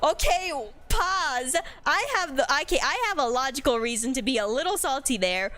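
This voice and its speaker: A woman's voice: sits high, sing-song, quick pace, a bit bright, faint music behind. A woman streaming a game, chatting casually with giggly, rambling trash talk. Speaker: gaming streamer. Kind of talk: casual live-stream chat.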